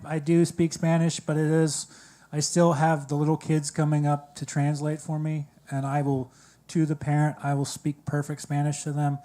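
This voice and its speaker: Halting, dry stand-up comic, a man. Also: on the high side, darkish tone. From Maryland. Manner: halting, dry, many fillers. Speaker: stand-up comedian. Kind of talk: stand-up comedy set. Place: coffee shop open mic stage.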